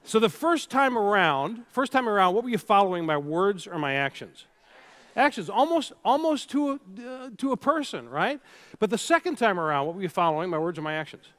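A man's voice: high voice, brisk. A middle-aged man giving a keynote speech to a live audience, telling stories and talking straight to the crowd. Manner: storytelling, animated, addresses the crowd directly. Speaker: keynote speaker. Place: large hall with live audience.

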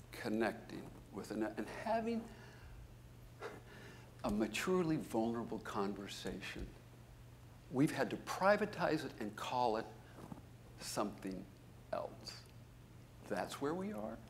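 Professor guy doing a keynote, tells stories with lots of energy, voice shoots up high when he gets worked up. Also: slow pace, long pauses, slight background noise. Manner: animated storyteller, jumping into high emphatic bursts. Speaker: keynote speaker, business school professor. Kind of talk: conference keynote.

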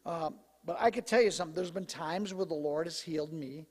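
A male pastor preaching a sermon in a conversational, animated way, his voice slightly hoarse. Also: a little high, a little fast, big-room sound. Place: church sanctuary.

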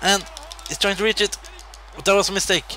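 A man casually commentating his own wrestling video game, excitable, jumping between loud shouts and quiet muttering. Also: sits high, brisk.

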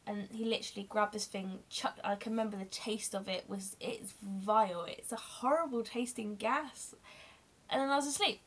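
A woman's voice: mid-range voice, normal speed. A young woman candidly telling a long personal story in a rambling, emotional way. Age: young adult. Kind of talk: casual storytelling vlog.

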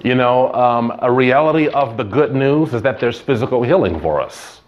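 A man's voice: mid-range voice, moderate pace, dull audio. A man preaching a sermon as pastor, in a conversational way, telling stories and adding asides.

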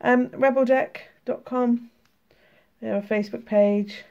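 British woman with a sore throat, gravelly voice, chatty and sweary, bit of a dull lo-fi sound. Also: a little high, fairly even intonation, measured pace, warm tone. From United Kingdom. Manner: chatty and laughing, swearing freely. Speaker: tarot and oracle card vlogger. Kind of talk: casual card flip-through, reading cards aloud.

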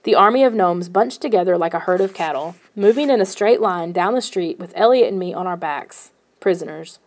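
A woman narrating a first-person children's novel in a steady storytelling manner. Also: lowish voice, fairly quick. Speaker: audiobook narrator.

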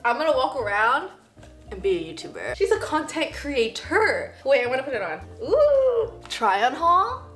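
A woman's voice: sits high, wildly swooping pitch, moderate pace, fairly bright tone, roomy sound, soft background music. A woman in her twenties, a YouTuber chatting casually through an unboxing vlog, bubbly and giggly with emotional asides. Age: 20s.

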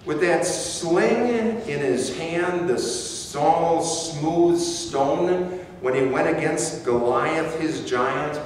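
A man preaching a sermon as pastor, slow and emphatic, repeating key phrases for weight. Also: on the high side, slight background noise. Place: church sanctuary. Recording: echoey hall from far off.

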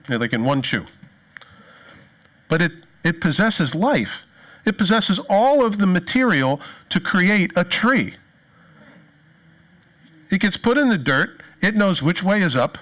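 In a sermon, a pastor spins animated stories and acts out the figures he quotes, speaking in a high-pitched voice.

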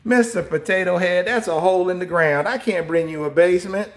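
A man's voice: sits high, brisk, no room sound. A man hosting a casual live stream as a cabin salesman, playfully teasing a viewer, laughing often and repeating himself, with folksy sign-offs.

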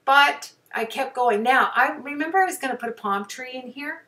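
A woman's voice: high-pitched, normal speed, hardly any pauses, bright, forceful tone, distant mic. A woman hobby painter chatting casually over her own painting, rambling and poking fun at herself, with plenty of fillers. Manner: chatty, rambling, self-deprecating, many fillers.

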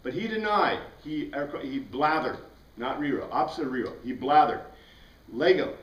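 A man leads a relaxed Bible study, wandering off into asides and then circling back to the passage. His voice sits a little high for a man. He is picked up from some distance in an echoey room. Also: moderate pace. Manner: rambling, conversational, with many asides and restarts. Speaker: Bible class teacher. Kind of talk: informal Bible study lesson. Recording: roomy sound, mic at a distance.

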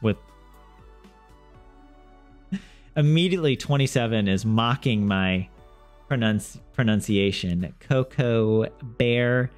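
A man with a fairly low voice talks casually to his livestream viewers. He thinks out loud, trips over his words and restarts sentences often. Soft music plays faintly behind him. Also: slow pace, long pauses. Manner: thinks aloud with many restarts and self-corrections. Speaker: language learner streaming. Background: soft game music.

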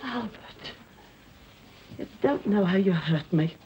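A woman's voice: mid-range voice, animated, slow. An actress playing a clinging, reproachful widowed mother in a 1960s TV drama. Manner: reproachful, wheedling. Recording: dull 1960s TV audio with faint hiss.

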